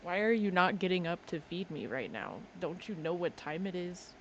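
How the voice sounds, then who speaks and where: A woman's voice: fairly low pitch, expressive, moderate pace, dull audio, a little hiss or hum, close to an everyday voice. A woman voicing her pet as a pompous, demanding boy who complains about being fed late.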